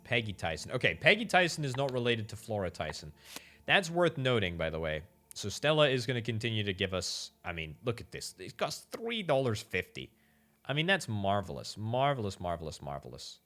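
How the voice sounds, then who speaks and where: Lively, bright-voiced man playing a game. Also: lowish voice, fairly quick. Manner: chatty, musing aloud, repeats words for emphasis. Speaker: game streamer. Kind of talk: gameplay commentary.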